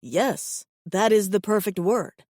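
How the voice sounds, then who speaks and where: A woman voicing a gentle, devoted male alien lover in an audiobook, speaking slowly and gravely. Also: mid-range voice, expressive, no room sound, clean studio sound. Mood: earnest. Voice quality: gentle, earnest. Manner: slow grave measured speech. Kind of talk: audiobook character voice.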